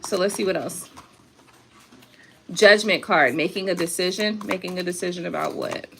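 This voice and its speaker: A woman's voice: fairly low pitch, normal speed, creaky, noisy background. A young woman giving a casual live tarot reading, chatty and prone to laughing and swearing, with features. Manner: chatty, laughs often, swears, reads viewer comments aloud. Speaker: tarot reader.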